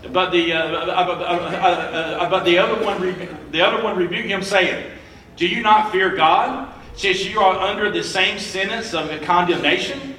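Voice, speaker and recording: A young male preacher delivers a sermon, reading the text in a halting way and filling pauses with sounds. His voice sits high and bright. The recording is roomy and echoey, with the mic some distance away. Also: a little hiss or hum. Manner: halting, many filler sounds while reading.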